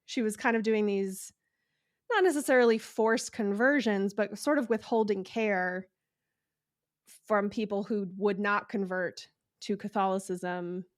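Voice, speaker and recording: A woman's voice: medium pitch, a little slow, dry recording, studio quality. A woman hosting a podcast, talking casually and peppering her speech with fillers like "like" and "um". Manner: chatty, fills speech with "like" and "um". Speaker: podcast host.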